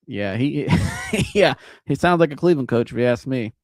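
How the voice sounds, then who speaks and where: A man hosting a live sports reaction show, talking in an animated, casual, joking way with some swearing. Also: medium pitch, normal speed, no room sound, studio quality. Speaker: sports podcast host.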